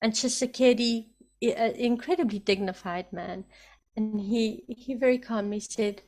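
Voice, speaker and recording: A woman giving emphatic, excited spoken commentary, often repeating herself for emphasis. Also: fairly high pitch, moderate pace. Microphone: computer mic, camera off.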